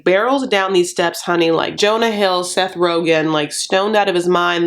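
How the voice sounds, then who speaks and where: A woman dishes on a reality show in a sassy, campy way and calls her viewers "honey" all the time. She slips into little put-on voices to act out what people said. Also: on the low side. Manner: acts out quotes in put-on voices. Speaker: reality TV recap commentator. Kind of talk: casual commentary.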